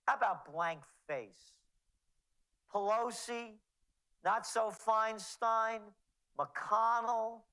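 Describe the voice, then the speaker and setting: A woman's voice: medium pitch, fairly bright tone, rough recording. A woman commentator in heated political chat, sarcastic and mocking as she talks.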